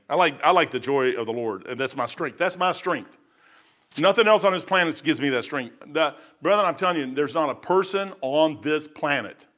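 A man's voice: medium pitch, a bit bright. A middle-aged man preaching a sermon in a church, with a folksy, conversational manner, repeating phrases and often saying "man". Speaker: pastor.

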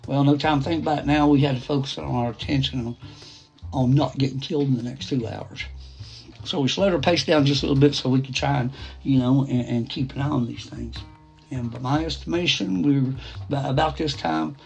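A man's voice: medium pitch, vocal fry, muffled recording. A middle-aged man narrating a first-person story, rambling with restarts and asides. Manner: quoting others in a plain voice. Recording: soft guitar music behind.

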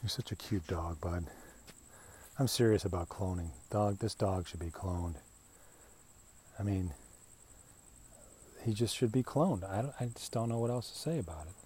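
A man's voice: on the low side, moderate pace, pauses often, darkish tone. A man hosting a podcast as casual talk while he walks his dog outdoors, rambling and chatty, talking to the dog as he goes. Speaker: podcast host. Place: outdoors on a walk. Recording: faint outdoor noise with insects.

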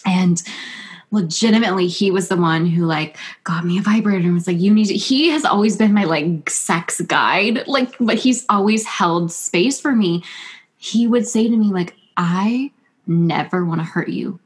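A woman's voice: mid-range voice, normal speed. A woman hosting a podcast, effusive and gushing, often laughing and saying "like". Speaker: podcast host. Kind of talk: intimate podcast conversation.

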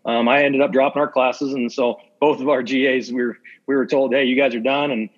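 Heard through dull lo-fi audio, a man talks fairly quickly with a flat delivery in a mid-range voice. As an assistant football coach guesting on a podcast, he stays candid in the casual interview and acts out old exchanges as he tells stories.

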